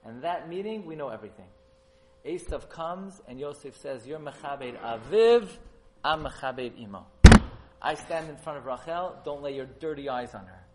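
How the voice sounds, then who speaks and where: A man giving a Torah sermon at a memorial gathering, animated and rising to loud, emphatic peaks. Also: mid-range voice, moderate pace, background noise. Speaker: rabbi giving a memorial talk.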